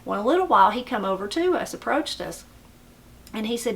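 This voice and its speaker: A woman's voice: on the high side, fast talker, creaky, a little hiss or hum. A middle-aged woman from the mountains of western North Carolina with an Appalachian accent, telling stories in a folksy, rambling way. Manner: folksy, rambling, animated when quoting. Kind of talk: casual storytelling.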